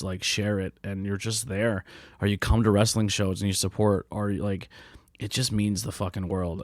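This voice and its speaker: A man's voice: on the low side, a little mellow, no echo, clean studio sound. A man in his late thirties hosting a solo podcast, talking candidly in a blunt, profane, heartfelt and rambling way. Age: late 30s. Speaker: podcast host.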